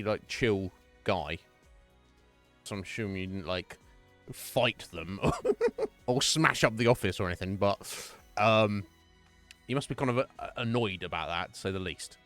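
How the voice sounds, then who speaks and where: A man streaming live and chatting casually with viewers, chatty and profane and quick to laugh, from a home setup. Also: lowish voice, a bit bright. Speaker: Twitch streamer.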